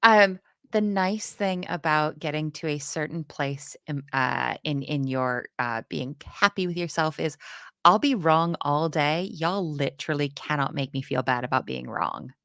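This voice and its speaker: Woman, low voice, chatty learner in a coding stream, dry mic. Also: creaky, fairly bright tone, smooth, no echo. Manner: chatty, self-deprecating, quick laughs. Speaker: co-host learning to code. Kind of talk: casual live coding chat.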